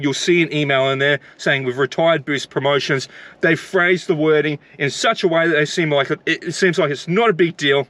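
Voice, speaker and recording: A man's voice: on the high side, fairly bright tone. A man who drives for delivery apps, ranting angrily to camera, swearing and repeating himself. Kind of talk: angry rant to camera.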